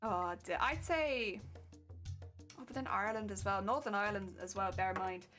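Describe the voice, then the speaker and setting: A woman's voice: medium pitch, moderate pace, fairly bright tone, soft background music. A woman with an English accent chatting casually on a live stream while sewing a costume. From England. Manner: chatty, rambling, fillers like "like" and "heck yeah".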